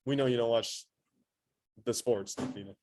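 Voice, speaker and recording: A man's voice: mid-range voice, moderate pace, warm tone. Man quizzing a classroom as teacher. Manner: quizzing, rhetorical questions, playful analogies. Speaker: high school anatomy teacher. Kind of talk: classroom lecture with questions to students.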